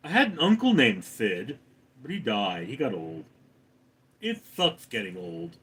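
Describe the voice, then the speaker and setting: A man hosting a casual livestream, reading chat comments aloud and answering with deadpan, sarcastic replies. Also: medium pitch, unhurried, slightly rough.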